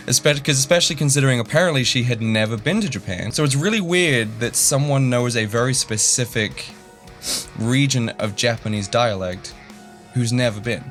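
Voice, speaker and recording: A man's voice: medium pitch, normal speed, fairly bright tone, faint music behind. A young man telling a story in a rambling, self-deprecating way, full of fillers and restarts. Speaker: YouTuber. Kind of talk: casual storytelling.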